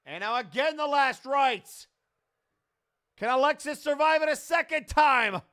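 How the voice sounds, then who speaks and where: A man doing play-by-play wrestling commentary, getting worked up and yelling at the referee. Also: very high voice, measured pace. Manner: excitable, yelling at big moments, complains at the referee.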